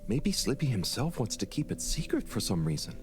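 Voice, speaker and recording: A man's voice: mid-range voice, big pitch swings, brisk, music in the background, natural voice. An actor playing Harold, a timid, polite young man in a video game, speaking in a mild, meek voice. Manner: mild, meek, self-effacing.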